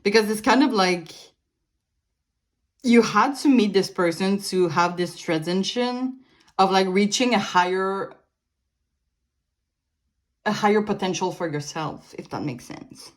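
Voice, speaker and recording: Woman, young adult, tarot reader, rambling delivery, fillers and restarts, mid-pitched voice. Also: unhurried, long pauses. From Canada. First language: French. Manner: meandering, many fillers and restarts, light laughs. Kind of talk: casual pick-a-card tarot reading.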